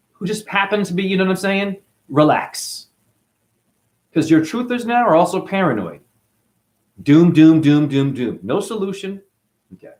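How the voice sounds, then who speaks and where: A man hosting his own channel, delivering a combative, mocking, profane rant to camera. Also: mid-range voice. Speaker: channel host. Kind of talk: profane ranting monologue to camera.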